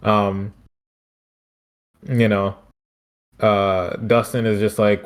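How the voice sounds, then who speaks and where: A man's voice: lowish voice, flat delivery, very slow, long pauses. A man from Philadelphia hosting a podcast, recapping wrestling in a loose, profane, rambling way. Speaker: podcast host. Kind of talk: casual wrestling recap chat.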